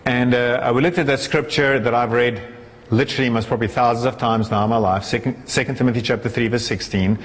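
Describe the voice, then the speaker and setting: A man preaching a sermon with passion, his delivery soaring and then dropping into a low, conversational tone. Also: fairly even intonation, fairly quick. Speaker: pastor. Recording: echoey hall with long reverb.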